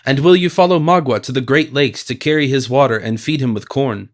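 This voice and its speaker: A man's voice: medium pitch, fairly quick, natural voice. A man voicing a taunting, vengeful warrior. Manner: taunting, menacing. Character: fierce vengeful male Huron warrior.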